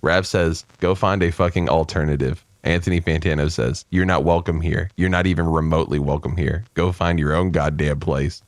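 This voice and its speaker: A man co-hosting a podcast, reading silly generated texts aloud in a deadpan way and laughing often. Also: extremely low pitch, normal speed, hardly any pauses, no echo. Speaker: podcast co-host.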